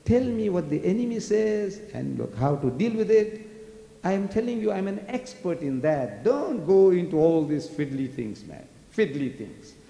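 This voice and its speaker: A man's voice: high-pitched, big pitch swings, normal speed, vocal fry, dark tone. An older man from South Africa giving a public lecture, firing emphatic rhetorical questions at the audience, recorded in a large lecture hall. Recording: echoey hall.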